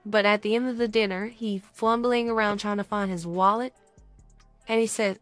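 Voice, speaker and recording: A young woman talks through dating advice in a relaxed podcast chat, animated and quick to act out little scenes. Her voice sits close and dry on the mic, with faint music underneath. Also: medium pitch, no room sound. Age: young adult. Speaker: podcast co-host.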